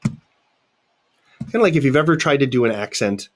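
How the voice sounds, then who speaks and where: A man's voice: mid-range voice, lively intonation, unhurried. A middle-aged man teaching in a recorded video lecture, talking conversationally and putting questions to his students.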